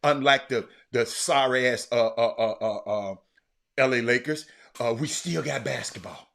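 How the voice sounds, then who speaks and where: A middle-aged man, hosting a casual live show and talking to his viewers. He is animated and teasing, repeats words, and breaks into shouts in bursts. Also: medium pitch, unhurried, creaky. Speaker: show host.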